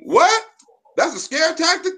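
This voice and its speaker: A man's voice: extremely high pitch, animated, a little slow, vocal fry. Profane, reactive man co-hosting a stream. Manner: loud, profane, reactive interjections. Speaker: live-stream co-host. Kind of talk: casual live-stream banter.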